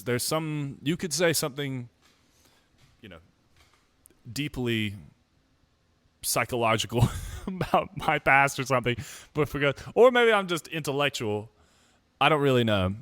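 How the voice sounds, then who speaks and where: A man's voice: mid-range voice, expressive, unhurried, long pauses, a bit bright, dry recording. Young man, casual rambling vlog monologue, self-mocking, dry close recording. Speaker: musician vlogger.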